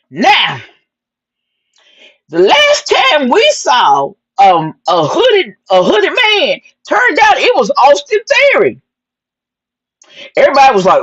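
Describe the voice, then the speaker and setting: Woman, sassy wrestling recap host, husky voice, swooping pitch, lo-fi recording. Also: a little slow. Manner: animated, sassy storytelling with "honey" asides and acted-out quotes. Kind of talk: excited casual wrestling recap.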